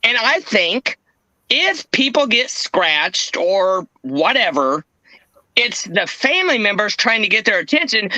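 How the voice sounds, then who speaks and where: A man's voice: sits high, sing-song, unhurried, bright, forceful tone, no echo, rough recording. A man in a casual podcast chat, ranting with constant swearing and mocking impressions.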